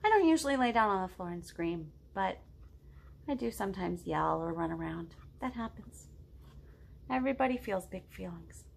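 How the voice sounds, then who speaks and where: With an animated, medium-pitched voice and some vocal fry, a middle-aged woman leads a children's storytime at normal speed. She reads a picture book aloud gently and encouragingly, asking the children questions along the way.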